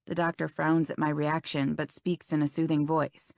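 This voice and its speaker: A woman's voice: sits low, level tone, normal speed, gravelly, hardly any pauses, darkish tone, no room sound, studio quality. A young woman narrating a first-person romance audiobook in an intimate, anxious telling. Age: young adult.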